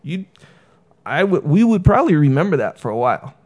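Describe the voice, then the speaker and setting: A man's voice: fairly high pitch, sing-song, fairly quick, a little mellow, slightly rough, lo-fi sound. A man in casual conversation, rambling with many fillers and acting out the people he quotes. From San Diego area.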